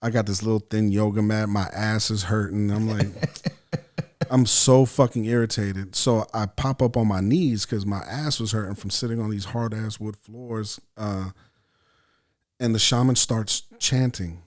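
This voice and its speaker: A man from El Salvador tells a wild story on a podcast, swearing freely and playing out his own inner voice. His voice sits a bit low, and his delivery is loose and animated. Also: measured pace. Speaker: podcast guest, actor and writer. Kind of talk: casual storytelling chat.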